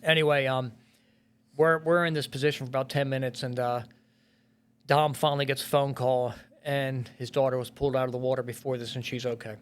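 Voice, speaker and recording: Heavy swearing and filler words mark this blunt account of a painful rescue, told by a middle-aged firefighter and police officer during a podcast interview. His male voice is medium-pitched, steady, a little fast, and clean in tone.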